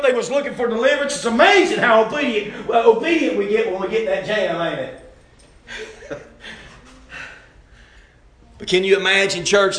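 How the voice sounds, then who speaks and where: A man preaching a folksy, impassioned sermon, swinging from loud exhortation to hushed intensity. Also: high-pitched. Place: church sanctuary. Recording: very echoey church hall.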